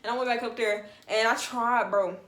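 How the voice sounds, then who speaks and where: A young woman telling a story on her vlog in a slangy, animated, emphatic way. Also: fairly high pitch, moderate pace. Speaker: vlogger. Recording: roomy echo.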